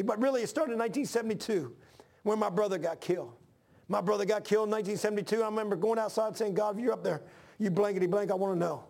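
A man's voice: high-pitched, fast talker, gravelly, a little mellow. A man in his sixties preaching a folksy, repetitive sermon to his church. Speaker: pastor.

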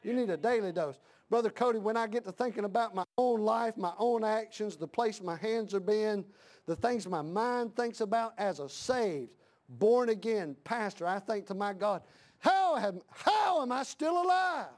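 A middle-aged male pastor preaching a fiery sermon in a church, repeating his lines and rising to shouted emphasis. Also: sits high, moderate pace.

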